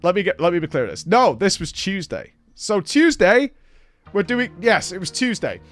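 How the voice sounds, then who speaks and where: A man from Britain, hosting a show and telling a story in a casual recap, animated and swearing freely. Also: sits high, moderate pace, faint music behind. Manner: animated, swears freely, acts out quoted dialogue. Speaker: show host.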